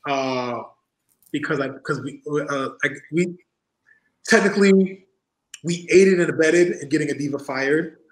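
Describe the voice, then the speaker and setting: A man's voice: fairly high pitch, a little slow. A man guest, a former wrestler, telling casual stories and acting out the people in them, at a convention venue. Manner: animated, acts out the people in his stories. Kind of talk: casual storytelling. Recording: roomy echo.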